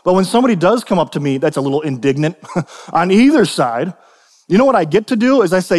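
A man's voice: high voice, animated, fast talker, a little mellow, big-room sound. A young adult man preaching a sermon as pastor, casual and conversational, often restarting and checking in with "right?".

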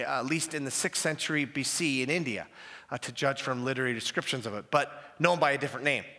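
An animated male pastor preaches in a high voice, leaning on emphatic repetition of his key phrases. His tone is bright and forceful, and the sermon rings out in a large, reverberant hall.

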